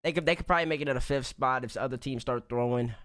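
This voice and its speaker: Fast, smooth-voiced man rambling. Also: medium pitch, fairly bright tone. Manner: rambling, repeats himself. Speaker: panel guest. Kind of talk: casual panel chat.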